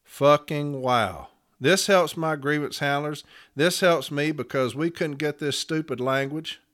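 A man's voice: a little high, a bit bright. A man hosting a show, ranting with profane, sarcastic fire about union matters. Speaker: podcast host. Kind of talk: ranting commentary.

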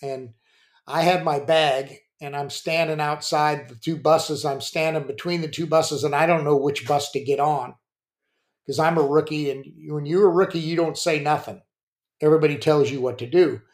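An older man, a former pitcher and coach, telling rambling stories on a podcast with plenty of restarts and fillers. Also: fairly even intonation, moderate pace. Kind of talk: casual storytelling.

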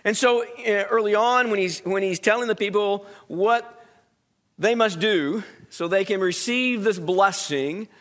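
A man's voice: high-pitched, unhurried, a bit bright. A man teaching a Bible study lesson in a conversational way, asking the class questions and often restarting his sentences.

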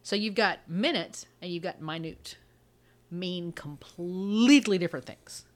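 A woman's voice: fairly low pitch, normal speed. A young adult woman co-hosting a podcast, rambling through a casual chat, laughing often and restarting her sentences. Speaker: podcast co-host.

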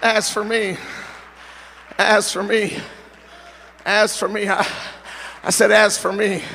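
A middle-aged man preaching a sermon as pastor, swinging from fervent shouting to quieter, conversational talk. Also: sits high, flat delivery, slow pace, creaky, long reverb tail, a little hiss or hum. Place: church sanctuary, at the pulpit.

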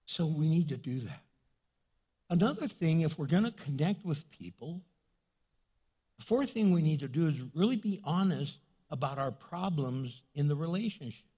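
Husky-voiced guy preaching in church, kinda high voice, jokes around and hammers his points. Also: normal speed. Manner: animated, joking, repeats points for emphasis. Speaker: pastor. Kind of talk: sermon.

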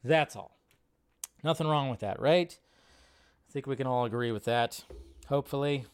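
A man's voice: medium pitch, moderate pace, smooth. A man hosting a live movie news stream, talking casually and rambling as he reads out viewer comments.

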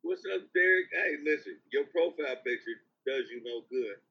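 Animated, husky-voiced man telling stories. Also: a little high, normal speed. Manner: animated storytelling, profane, teasing. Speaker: podcast co-host. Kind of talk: casual chat. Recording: dull lo-fi sound.

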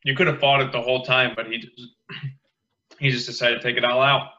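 A man co-hosting a podcast, dropping deadpan crude quips in casual banter. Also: medium pitch, fairly quick. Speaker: podcast co-host. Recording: dull lo-fi mic.

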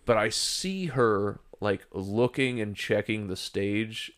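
A man's voice: lowish voice, slow. A man telling a long story in casual podcast chat, rambling with lots of fillers, swearing and laughing as he goes.

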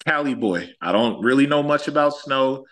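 A man's voice: medium pitch, moderate pace. A man from Los Angeles, a former college athlete, telling stories in a casual chat and acting out quotes. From Los Angeles, California. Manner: animated, acts out quotes, says "like" often.

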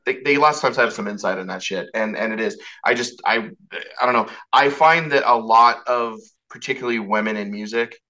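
Bright-voiced man hosting, rambling. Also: mid-range voice, a little fast, rough recording. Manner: rambling, casual, swears, restarts a lot. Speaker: podcast host. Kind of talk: casual interview chat.

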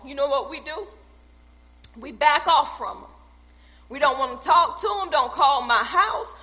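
A woman with a high, bright voice preaches a sermon. She stacks emphatic, repeating phrases in a steady preaching cadence. Her voice carries through a long-echoing church hall. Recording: echoey hall.

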